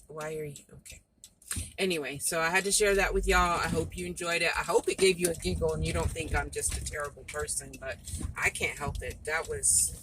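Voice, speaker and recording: Chatty middle-aged woman in a car. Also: low-pitched. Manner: rambling, chatty storyteller. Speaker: vlogger. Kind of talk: casual chat to camera. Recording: noisy car phone recording. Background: road and vehicle noise.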